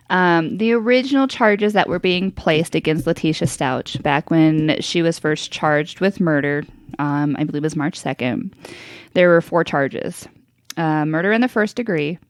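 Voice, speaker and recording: A woman's voice: fairly low pitch, no room sound. A woman in her thirties co-hosting a podcast, telling a story in casual chat, candid and swearing freely with frequent laughs. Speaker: podcast co-host.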